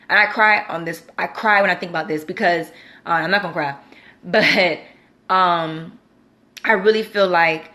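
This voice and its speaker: Young woman, lowish voice, casual testimony, lots of fillers, acts out quotes. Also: a bit bright. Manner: conversational, many fillers like "you know"; acts out quoted lines with big pitch jumps. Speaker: Christian vlogger.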